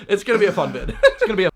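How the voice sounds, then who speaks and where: A man's voice: high-pitched, huge pitch swings, fast, slight background noise. A man giving scripted, playful comedic commentary with mock exasperation. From United States. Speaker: YouTuber.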